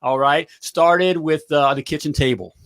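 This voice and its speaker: A middle-aged man hosting a live talk show, giving an energetic pep talk and checking in often with "all right?". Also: a little high, moderate pace, clear, resonant tone. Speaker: talk show host and plumbing business coach.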